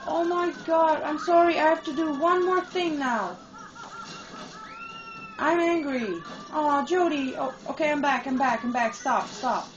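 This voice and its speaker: A woman giving casual, excitable let's-play commentary while she plays, teasing and swearing. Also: high voice, unhurried, highs cut off. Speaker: gamer playing and commenting. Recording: game music playing behind.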